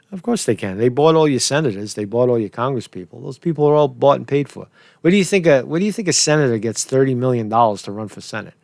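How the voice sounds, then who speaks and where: A man giving casual political commentary, rambling and profane, repeating "right?" and chuckling at his own lines. His voice is gravelly, and it sits in a dry, close recording. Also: medium pitch, expressive, brisk, darkish tone, no room sound. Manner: restarts sentences, chuckles at his own jokes.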